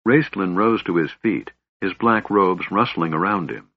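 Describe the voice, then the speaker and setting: A man narrating a fantasy novel in a measured, even storytelling voice. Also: low voice, no echo. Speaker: audiobook narrator. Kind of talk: scripted narration. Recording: slightly dull, dry recording.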